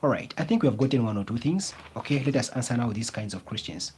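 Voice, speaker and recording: A man's voice: mid-range voice, animated, darkish tone, slight background noise. A male tutor teaching a grammar lesson, repeating key phrases and prompting the class with fill-in questions. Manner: slow, emphatic explaining.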